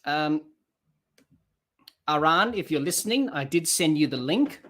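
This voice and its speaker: A man doing live cricket commentary for a podcast, rising excitedly on the play and dropping quiet to read viewer comments. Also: unhurried. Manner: lifts pitch and volume for the action, drops low to read comments and chat.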